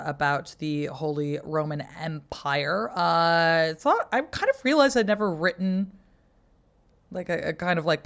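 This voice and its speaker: A woman's voice: deep voice, fairly bright tone, clean tone. A woman co-hosting a history podcast, chatting casually with wry, profane humor and sounding tired. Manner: chatty, wry, swears freely, acts out quotes. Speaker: podcast co-host, medieval historian. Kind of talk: casual chat.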